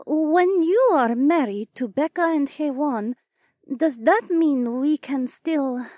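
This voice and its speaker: Brief: high lilting alien girl in halting broken english, dry close sound, voiced by a male narrator. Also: darkish tone, no room sound. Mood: hopeful. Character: shy gentle female alien, soft-spoken. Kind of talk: audiobook character voice.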